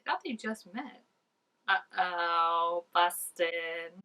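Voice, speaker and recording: A woman giving casual, excitable reaction commentary, full of "like" and dropping into soft asides. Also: fairly low pitch, very slow, clean tone, recorded from a distance, rough recording. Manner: chatty and excitable, peppered with "like", drops to soft asides. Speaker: reaction video host.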